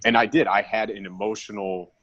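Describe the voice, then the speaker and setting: Deep-voiced man talking close and dry. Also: brisk, no echo, muffled recording. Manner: relaxed, filler-heavy storytelling. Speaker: guest speaker. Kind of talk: casual conversation.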